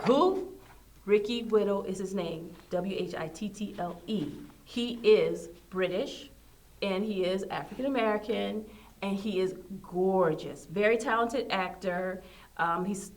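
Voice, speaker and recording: A woman hosting a casual pop culture chat show, talking in a chatty, enthusiastic way and laughing often. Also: medium pitch. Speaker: host.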